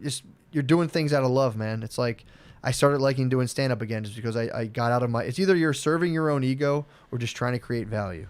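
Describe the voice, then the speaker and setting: A man co-hosting a podcast, rambling and swearing through animated casual chat. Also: medium pitch, quick pace, smooth, dry recording. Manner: rambling, profane, animated storytelling. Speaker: podcast co-host.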